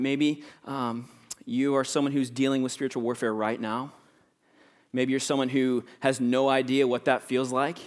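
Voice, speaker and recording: A young adult man, a pastor, preaching a sermon in a casual, conversational way with many fillers. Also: mid-range voice.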